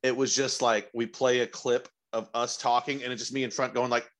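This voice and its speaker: A man co-hosting a casual comedy podcast, animated and profane, laughing a lot. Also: mid-range voice, fairly quick. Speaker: podcast co-host.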